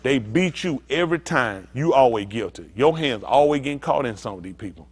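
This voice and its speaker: Animated preaching pastor, man. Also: mid-range voice, a little fast, slightly rough. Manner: animated, rousing, talks back and forth with the congregation. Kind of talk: preaching to a congregation.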